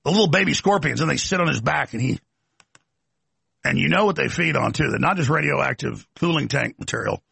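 A man's voice: a little high, expressive, gravelly, bright, forceful tone, husky, dry recording. A man hosting a talk show, delivering an emphatic, mocking ranting monologue. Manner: emphatic, rapid-fire, mocking.

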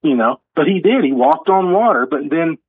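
A man's voice: fairly high pitch, animated, moderate pace, husky, no room sound. A man, an author being interviewed, talking earnestly and telling stories. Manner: earnest, storytelling, acts out quotes. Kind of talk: conversational interview. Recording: tinny phone-line audio.

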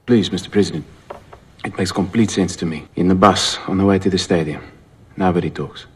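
An actor playing an earnest South African rugby captain, speaking in an Afrikaans accent. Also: male voice, low voice, brisk, slightly rough.

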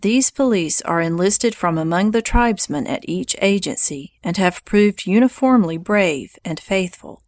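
A woman narrating a history audiobook in a measured, even reading. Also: mid-range voice, dry recording, studio quality.

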